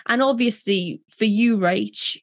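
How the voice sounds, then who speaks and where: A woman's voice: medium pitch, slow pace, dry recording. A woman co-hosting a podcast, speaking in a heartfelt, rambling way. Her voice sits in a middle register and is recorded dry and close, with no room sound. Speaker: podcast co-host. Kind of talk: casual chat.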